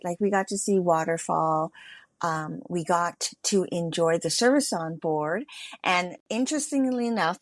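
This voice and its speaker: A woman with a lower voice describes her travels in a chatty, meandering way, full of little pauses. Her sound is dry and close to the mic. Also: dry recording. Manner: chatty, many fillers and restarts. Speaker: travel expert guest. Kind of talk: casual conversational recap.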